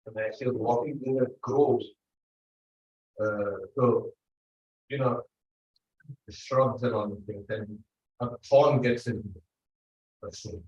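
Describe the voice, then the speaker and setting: Slow-speaking monk. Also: male voice, medium pitch, fairly even intonation, darkish tone. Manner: unhurried, acts out quoted voices, non-native grammar. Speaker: monk giving a talk. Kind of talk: sermon storytelling. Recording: roomy echo, dull lo-fi sound.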